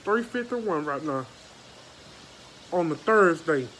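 Speaking slowly yet animatedly in a low voice, a woman records a casual phone vlog outdoors in the rain, blunt and liberal with swear words. The rain is loud around her phone mic.

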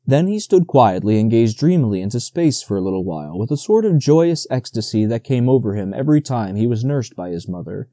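A man reading a classic children's novel aloud as an audiobook narrator, in gentle, expressive storytelling. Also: mid-range voice, dry recording, studio quality. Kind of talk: scripted narration.

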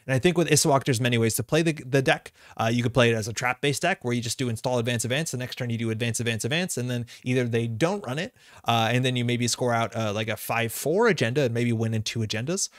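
A man from North America chats loosely with his live-stream viewers, rambling and correcting himself as he goes. His voice sits at an average pitch. The sound is dry and close, with no room around it. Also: no echo. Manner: rambling, chatty, with frequent fillers and self-corrections. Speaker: streamer playing a card game live. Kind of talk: casual live-stream chat reading viewer comments.

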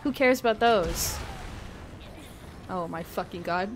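A woman's voice: medium pitch, slow pace, a little hiss or hum. A young adult woman streaming a game live, chatting casually, swearing freely and laughing often. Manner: giggly and profane, laughs often. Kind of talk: casual chat while gaming live.

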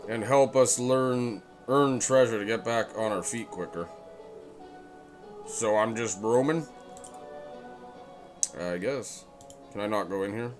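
Man reading game text with deadpan jokes. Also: fairly low pitch, slow pace, pauses often, soft background music. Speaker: gamer playing and reading dialogue. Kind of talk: let's play commentary reading game text aloud.

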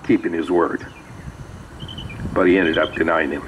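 Deep-voiced pastor preaching. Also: male voice, steady tone, moderate pace, lo-fi sound, a little hiss or hum. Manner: conversational storytelling with asides. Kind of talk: sermon. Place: small rural church.

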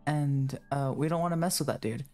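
A man's voice: on the high side, brisk, a little mellow, soft background music. A man streaming a horror game, chatting in a rambling, self-mocking way and breaking into screams and laughter when scared. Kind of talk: live game commentary.

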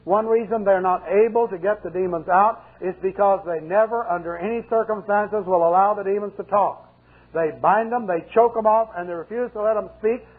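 A man's voice: high-pitched, fairly quick, slightly rough. An older male pastor preaching a sermon with folksy, humorous storytelling. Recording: muffled 1980 sermon tape, phone-like.

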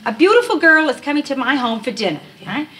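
A high-voiced, nervous young wife who cracks jokes at her own expense. She rattles along, quick-witted and self-mocking, in a 1970s TV sitcom. Studio audience laughter rolls in behind her. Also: sing-song, a bit bright, a little hiss or hum. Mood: rattled. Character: anxious, wisecracking young married woman. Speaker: title character, wife.

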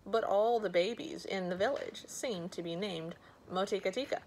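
A woman's voice: mid-range voice, normal speed, a little mellow, slight background noise, natural voice, low-quality recording. A woman voicing a hungry male ogre in a storybook reading, grumbling and demanding. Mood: puzzled.

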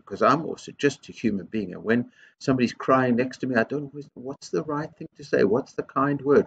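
A man, a primary school headteacher, giving a gentle, encouraging video assembly talk to young children. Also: on the low side, vocal fry, lo-fi sound, slight background noise. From England.

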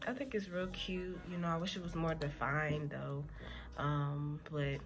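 A woman's voice: deep voice, fairly even intonation, unhurried. A young woman, rambling in a laid-back way as she vlogs from her classroom. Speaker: vlogger and teacher. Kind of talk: casual chat.

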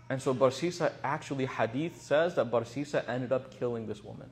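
A young man and religious teacher giving a casual storytelling talk in a lively, animated way. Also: mid-range voice, fairly quick, hardly any pauses, a little hiss or hum.

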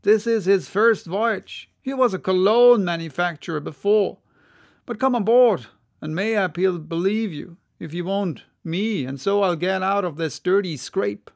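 A fed-up chief mate on an old sailing ship, voiced by a man reading an audiobook, complaining in an exasperated grumble. The voice runs high with a gravelly rasp. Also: measured pace. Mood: grumbling. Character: sour irritated male ship's chief mate. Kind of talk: audiobook character voice.

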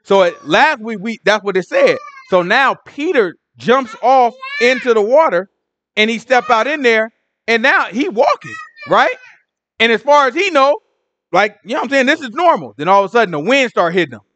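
Animated high-voiced man teaching scripture. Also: moderate pace, dull audio, a little hiss or hum. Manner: animated storytelling, acting out the scene in voices. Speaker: Bible study teacher. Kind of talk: casual Bible study teaching.

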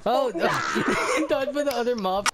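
A man doing loud, laughing, swearing commentary while playing a video game with a friend, often stammering. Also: very high voice, a little slow, heavy background noise. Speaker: gamer. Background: game music.

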